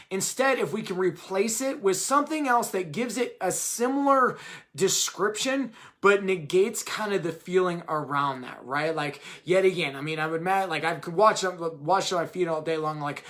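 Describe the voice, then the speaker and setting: High-voiced man rambling on a live stream. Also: animated, normal speed, fairly bright tone. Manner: rambling, fills with "like" and "right?". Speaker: co-host of a live video chat. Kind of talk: casual live-stream talk.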